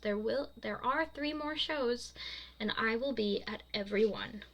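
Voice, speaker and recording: A goofy seventeen-year-old boy who clowns around with silly baby talk and chases the girl he likes, read aloud by a woman. He talks with loud, eager energy. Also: a little high, unhurried. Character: playful teenage boy, goofy and lovestruck.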